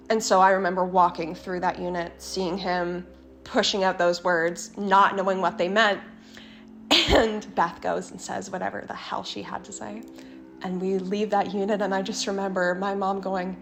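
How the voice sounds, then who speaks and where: A young woman speaks as an interview guest, recounting a painful family story with raw candor and a few curse words. Her voice sits at an ordinary middle pitch. Music plays clearly beneath her. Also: fairly even intonation, normal speed. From Canada. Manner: candid and emotional, with frequent swearing. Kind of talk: personal storytelling.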